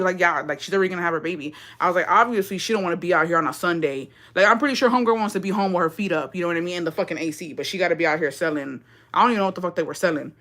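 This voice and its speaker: A woman's voice: mid-range voice, sharp tone. A young woman hosting a livestream, telling a story in a slangy, profane, chatty rant and reading out viewer comments. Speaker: livestream host.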